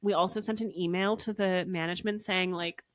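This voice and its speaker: In a clean studio recording with no echo, a young woman with a fairly low voice talks a little fast. As a podcast co-host, she tells a long story in casual, animated chat, peppered with frequent "like" fillers.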